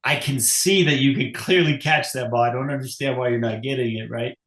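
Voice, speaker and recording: A man's voice: medium pitch, a little fast, a bit bright, roomy sound. A man hosting a podcast, chatting casually, affirming his guest and telling his own coaching stories. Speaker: podcast host. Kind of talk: casual interview talk.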